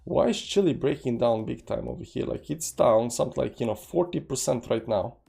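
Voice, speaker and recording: A man's voice: mid-range voice, fairly quick, creaky, warm tone, breathy edge, faint music behind. A man hosting a casual trading livestream with non-native accented English, rambling through charts and reading chat aloud with many fillers. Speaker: crypto trading livestream host.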